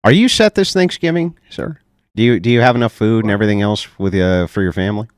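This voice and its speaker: A man hosting a live online debate, calm and probing, with a deep radio voice. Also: fast, dry recording, clean studio sound. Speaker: debate host.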